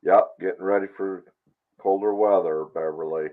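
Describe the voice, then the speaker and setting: A man's voice: sits low, fairly even intonation, moderate pace. A man joining a livestream by video call, chatting casually and mostly giving short, laid-back replies. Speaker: guest on the stream. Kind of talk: casual chat. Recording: tinny call audio.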